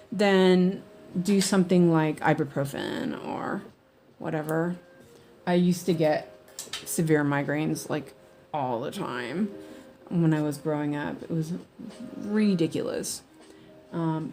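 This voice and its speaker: A woman's voice: sits low, darkish tone. A woman chatting casually while she cross-stitches at home, rambling with lots of fillers and restarts. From United States.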